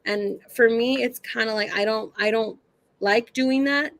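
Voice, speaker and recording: A woman's voice: on the high side, fairly even intonation, measured pace, vocal fry, fairly bright tone, no echo. A woman who works as a psychic medium, telling stories as a guest in a casual, chatty way. She uses lots of fillers and acts out the dialogue in her stories. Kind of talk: casual storytelling.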